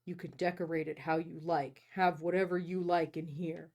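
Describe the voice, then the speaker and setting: A woman reading aloud as a controlling wealthy young man, speaking low and deliberately. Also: flat delivery, a little mellow. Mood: coolly commanding.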